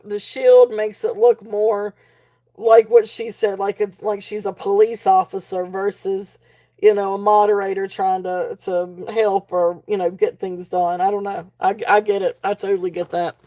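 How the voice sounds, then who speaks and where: This is a woman running a live-stream jewelry auction, her medium-pitched voice warm, fairly even in intonation, and a bit slow. She chats and rambles as she reads the chat out, filling gaps with fillers and frequent restarts.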